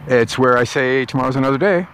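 A man's voice: mid-range voice, fairly bright tone, slight background noise. A man rambling aloud in a meandering walk-and-talk monologue, outdoors on his way home through a park. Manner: meandering, musing aloud with pauses and restarts. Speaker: vlogger.

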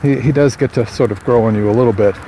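A man talks through his morning in a casual, rambling vlog, full of restarts and small fillers. His voice is mellow and warm rather than bright. Faint traffic and street sounds sit behind him outdoors. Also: mid-range voice, fast. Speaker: author vlogging.

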